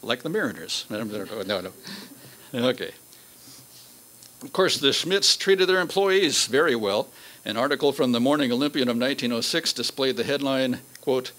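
A man's voice: medium pitch, expressive, a bit bright, rough recording. Man giving a local history talk. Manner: measured, reads quotes aloud with fillers. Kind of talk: public history talk with read-out quotes.

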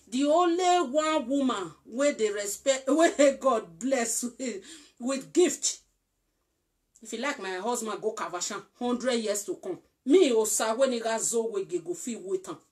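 Coaxing Nigerian woman, higher voice. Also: expressive, unhurried, darkish tone. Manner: repetitive, coaxing, often checks "you understand?". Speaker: relationship advice vlogger. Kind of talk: casual instructive talk.

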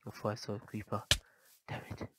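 A man giving casual, chatty commentary over his gameplay, easily startled and quick to panic. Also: heavy background noise. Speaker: gaming channel host.

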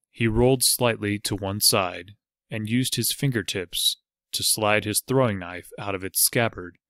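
A man narrates an audiobook in a steady, measured way. His voice sits low and unhurried. The sound is dry and close, with no room around it. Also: dry recording. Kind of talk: scripted narration.

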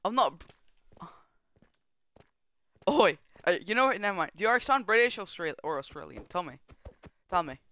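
A young man chatting casually on a gaming livestream, joking and rambling with quick laughs. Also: high-pitched, big pitch swings, bright, forceful tone, clean tone. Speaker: streamer.

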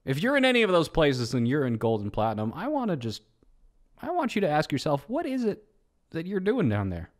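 A man's voice: a little high, brisk. A man giving casual, joking commentary on gameplay clips as a streamer guessing ranks. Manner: joking, animated, sarcastic.

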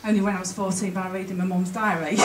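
A woman giving an emotional, chatty conference talk, with halting restarts. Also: mid-range voice, little pitch movement, very noisy. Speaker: conference speaker. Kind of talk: presentation to an audience. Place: conference hall. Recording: roomy hall, mic from a distance. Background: faint room ambience.

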